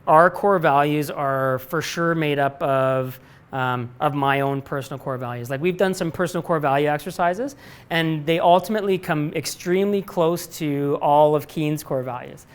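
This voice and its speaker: Speaking at a normal pace with a smooth, higher-pitched voice, a middle-aged company president answers students' questions in a live lecture-room setting with an audience present. His manner is candid and meandering, with many restarts and relaxed swearing.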